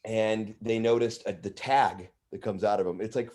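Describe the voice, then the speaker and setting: A man's voice: lowish voice, normal speed. Rambling, profane man telling stories. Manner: rambling, profane, animated bits. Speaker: comedian guest. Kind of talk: casual storytelling.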